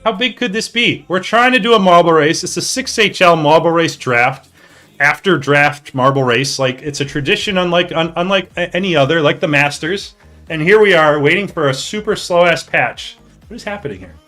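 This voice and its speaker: A man hosting a live stream, chatting casually and excitably with his viewers, joking and swearing as he goes. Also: fairly high pitch, normal speed, faint music behind. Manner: excitable, jokey, talks to chat, swears. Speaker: streamer hosting a hockey league draft.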